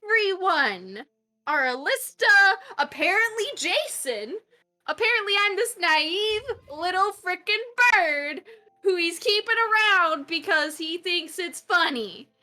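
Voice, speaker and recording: A woman voicing a furious young woman warrior who is hurt and proud, shrill and near tears. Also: lively intonation, takes it slowly, pushed and bright, faint music behind, heavily acted. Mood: bitter.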